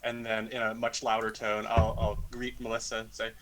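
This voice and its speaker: Man, tabletop player, fairly low voice, halting, declares actions. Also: monotone, a bit bright, rough recording. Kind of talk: playing a tabletop game.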